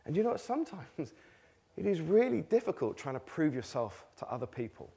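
A man's voice: a little high, big pitch swings, moderate pace, creaky, dark tone, husky. A man preaching a chatty sermon to a congregation, joking at his own expense and laughing between his points. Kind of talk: conversational sermon. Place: church meeting with a live congregation.

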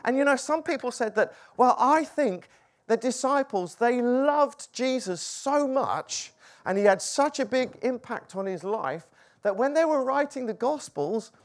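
A male preacher whose pitch rises and falls widely as he talks. He jumps from loud, excited exclaims to soft, hushed lines, giving the sermon a lively push and pull. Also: unhurried.

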